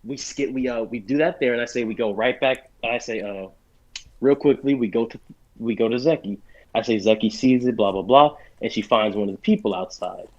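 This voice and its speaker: A man co-hosting a casual podcast, an excitable, rambling storyteller full of fillers who runs tabletop games. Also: mid-range voice, fairly quick. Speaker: podcast co-host and game master. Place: bedroom or basement at home. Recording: lo-fi home recording.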